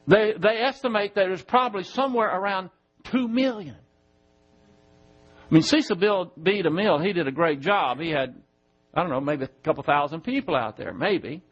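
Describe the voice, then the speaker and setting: High-voiced preacher teaching scripture. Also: male voice, husky, muffled recording. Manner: teaching Bible verses, spelling out Greek words slowly. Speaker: pastor. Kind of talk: sermon. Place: church.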